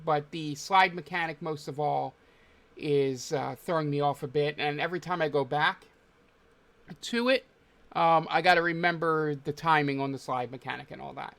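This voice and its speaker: A man's voice: a little high, normal speed, creaky, a bit bright. A man hosting a podcast, talking casually about games in a loose, rambling way with many filler words. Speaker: podcast host. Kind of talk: casual chat.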